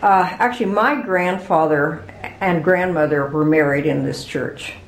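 A woman's voice: low-pitched, unhurried, echoey room, slight background noise, poor audio. An older woman being interviewed, chatty and reminiscing, laughing as she remembers. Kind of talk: oral history interview.

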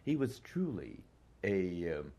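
A man's voice: deep voice, very animated, slow, dark tone. An older American man, an actor, recalling his past in a conversational interview, reflective and full of hesitations. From United States. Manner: reflective, hesitant with many fillers.

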